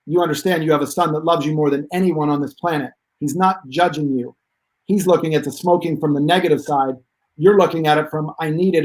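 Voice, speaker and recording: A man with a fairly high voice tells long stories with real energy. He talks emphatically and wanders into asides as a guest expert on pain relief. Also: rough recording. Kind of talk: animated storytelling.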